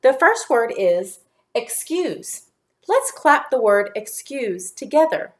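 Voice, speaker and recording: Slow, patient woman teaching phonics. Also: a little high, very animated. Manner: slow, clear, patient teacher voice, segmenting sounds. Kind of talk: phonics lesson for young children.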